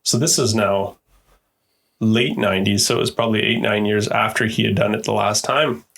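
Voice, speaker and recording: Middle-aged male guest, gravelly and slightly low, casual storyteller who stumbles and repeats himself. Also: fairly even intonation, moderate pace, fairly bright tone. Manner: repeats words while telling stories. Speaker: podcast guest.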